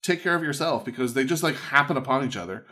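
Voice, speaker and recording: A man's voice: medium pitch, lively intonation, fast, sharp tone. A man co-hosting a podcast, recapping a film in casual chat with crude jokes. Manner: crude jokey banter, acts out characters. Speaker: podcast co-host.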